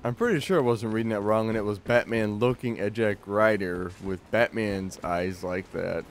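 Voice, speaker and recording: A man's voice: lowish voice, fairly even intonation, normal speed, slight background noise. A young man hosting a gaming video, chatting casually and reading game text aloud with mocking, laughing asides.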